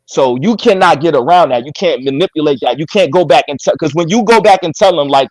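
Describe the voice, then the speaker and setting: A man's voice: a little high, animated, darkish tone, no room sound, rough recording. Insistent man debating on a dry mic. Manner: interrupts with repeated "pause", blunt and insistent. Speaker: debate stream host. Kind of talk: heated debate.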